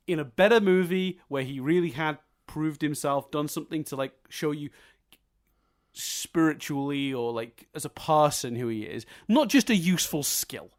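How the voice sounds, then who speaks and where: Animated man ranting. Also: on the high side. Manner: animated ranting, swearing, mocking quotes. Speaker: podcast co-host. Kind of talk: casual film review chat.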